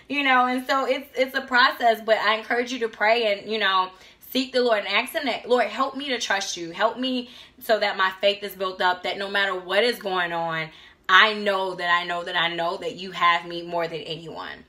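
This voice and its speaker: A woman in her thirties chats through a home cooking show with a bright, clear voice. She talks loosely with lots of fillers and slips into acted-out snippets of dialogue. She is recorded in a home kitchen on a livestream camera. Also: mid-range voice, fairly even intonation, moderate pace. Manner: chatty, many fillers, acts out dialogue. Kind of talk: casual cooking chat with faith encouragement.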